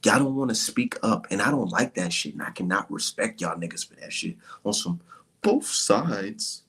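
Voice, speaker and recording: A man's voice: fairly low pitch, big pitch swings, normal speed, fairly bright tone, husky. A man hosting a casual boxing talk show, ranting in a profane, mocking way and dropping into whispery mock voices to imitate others. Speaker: boxing commentary vlogger. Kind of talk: heated casual rant.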